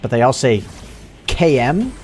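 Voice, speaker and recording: An American man streams a game live in a mid-range, sing-song voice that's a little slow and a little mellow. He cracks crude jokes, laughs often, and teases his chat throughout the commentary.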